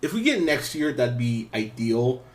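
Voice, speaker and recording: A man hosting a podcast, chatting casually about a show in a loose, rambling way. He gets animated as he goes, swears freely and laughs often, with a voice sitting at an ordinary middle pitch for a man. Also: moderate pace. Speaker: podcast host. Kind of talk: casual review chat.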